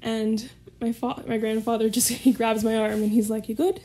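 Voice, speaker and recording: Mellow-voiced woman telling a story. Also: on the high side, completely flat delivery, normal speed. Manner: laughs often while telling a story. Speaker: podcast guest. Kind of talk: casual storytelling.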